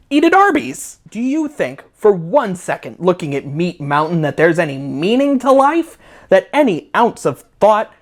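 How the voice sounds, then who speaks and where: Sarcastic, foul-mouthed man ranting. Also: a little high. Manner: sarcastic, profane, rambling. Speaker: comedy video host. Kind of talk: comedic review rant. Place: at home with a dog.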